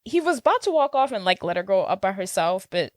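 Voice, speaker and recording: A woman's voice: medium pitch, quick pace. A woman co-hosting a podcast, casually recapping a movie and chiming in to agree with or correct her partner. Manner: relaxed, chimes in with agreement and corrections. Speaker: podcast co-host.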